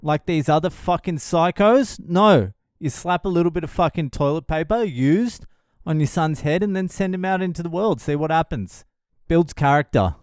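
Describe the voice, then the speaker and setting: A man's voice: a little high, a little mellow, clean tone, dry recording, studio quality. A man who is a comedian hosting his own podcast, telling comic stories in a blunt, profane way and laughing at his own jokes. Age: adult father of a young child. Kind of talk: profane comic storytelling monologue.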